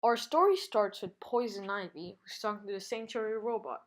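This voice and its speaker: A woman's voice: medium pitch, animated, normal speed. A woman narrating a comic book recap for her channel. She reads it aloud plainly, with a few fillers along the way.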